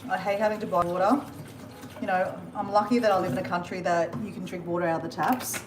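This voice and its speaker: A woman's voice: fairly low pitch, steady tone, fast talker, noisy background. A woman chatting casually to camera in a hotel room, rambling and calling her viewers guys. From Australia. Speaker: travel vlogger. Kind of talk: casual vlog chat to camera.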